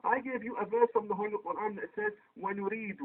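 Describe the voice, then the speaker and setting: A man's voice: high-pitched, fairly even intonation, rapid-fire. A man in a heated online debate, pressing his opponent with repeated, insistent questions. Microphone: poor quality microphone. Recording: tinny phone-like voice chat line.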